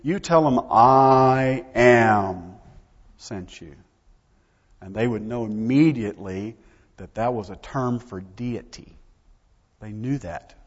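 A man's voice: fairly low pitch, unhurried, pauses often, a little mellow, slightly rough. A man preaching a sermon, emphatic and full of rhetorical questions to his congregation, recorded in a church sanctuary. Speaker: pastor. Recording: dull sound, long hall reverb.

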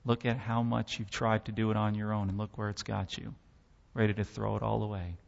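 Man preaching testimony, gravelly low voice, long hall reverb, muffled sound. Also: flat delivery, brisk. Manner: impassioned storytelling with dramatic swells. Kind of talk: sermon testimony.

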